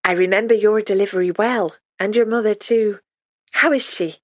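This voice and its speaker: A woman's voice: mid-range voice, fairly even intonation, moderate pace, dry recording, close to an everyday voice. A woman voicing a sprightly elderly retired midwife with a faint Scottish accent, motherly and gushing, in an audiobook reading. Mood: warm. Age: older.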